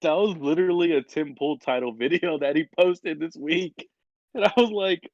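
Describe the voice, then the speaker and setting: A man chatting casually on a live stream, joking and quick to laugh. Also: fairly high pitch, no echo, lo-fi sound. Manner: jokey, quick to laugh, looking things up mid-talk.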